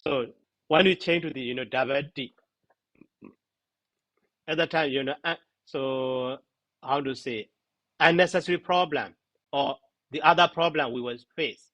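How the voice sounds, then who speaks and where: A man teaching Pali grammar in a class discussion, halting and searching for words, with many fillers. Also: mid-range voice, a bit bright, low-quality recording.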